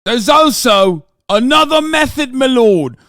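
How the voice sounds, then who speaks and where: Man performing a brash put-on British lord type, shouty, profane, very high. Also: animated, unhurried, no echo, studio quality, exaggerated voice. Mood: hammy shouting. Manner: loud, profane, theatrical.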